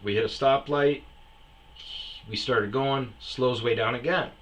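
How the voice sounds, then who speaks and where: Profane animated male storyteller. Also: mid-range voice, unhurried. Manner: profane and animated, acting out quotes. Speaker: storyteller host. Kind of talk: casual anecdote storytelling.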